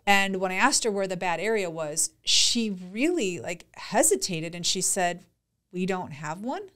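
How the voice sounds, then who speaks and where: A woman's voice: mid-range voice, expressive, normal speed, fairly bright tone. A woman co-hosting a podcast, chatting casually and retelling conversations with lots of "like" and quoted dialogue. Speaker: podcast co-host. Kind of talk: casual chat, storytelling.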